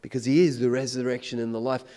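A man preaching a sermon, swinging between loud emphatic declarations and hushed, intense questions. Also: mid-range voice, little pitch movement, quick pace.

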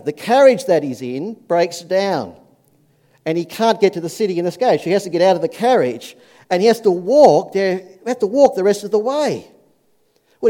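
A man delivers a sermon, telling anecdotes that land on lively punchlines and lowering his voice to a soft hush when reading scripture.

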